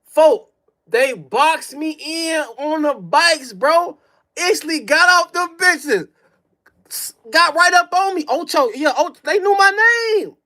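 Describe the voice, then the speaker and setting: A man's voice: very high-pitched, expressive, takes it slowly, sharp tone. A young man telling a personal story on a livestream, in a profane, slang-heavy way with mouth sound effects. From Chicago. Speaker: streamer.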